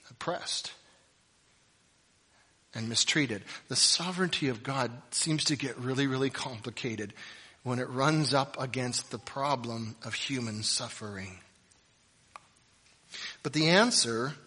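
Man preaching in a reverberant hall. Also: mid-range voice. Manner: impassioned preaching that swings between loud emphasis and quiet reflection. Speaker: pastor. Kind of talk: sermon.

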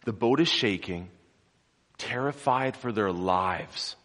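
A man delivers a sermon in a fairly low voice, recorded with the long, lingering reverb of a church hall. He tells the story dramatically, rising to forceful peaks and sinking to quiet, hushed passages. He keeps turning to the congregation with questions. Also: animated, slow pace. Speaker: preacher.

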